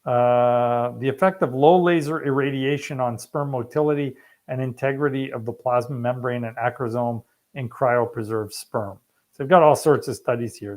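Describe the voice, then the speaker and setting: A man's voice: mid-range voice, darkish tone. A man who is a fertility specialist, answering viewer questions in a casual, joking live stream and reading study titles aloud.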